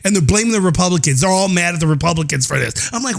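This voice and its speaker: A man's voice: high-pitched, lively intonation, quick pace, creaky, few pauses, fairly bright tone. A man hosting a podcast, ranting in casual political commentary with a sing-song delivery and many "oh, yeah" asides. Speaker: podcast host.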